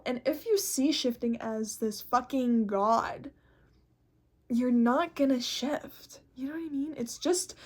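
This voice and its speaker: A woman hosting a casual vlog, talking bluntly and animatedly and swearing constantly. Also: a little high. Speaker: host.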